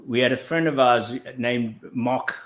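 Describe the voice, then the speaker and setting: A South African actor appears as a guest on a casual interview show, telling his story in a rambling way with frequent restarts. His voice is medium-pitched and fairly bright, and he speaks a little slowly.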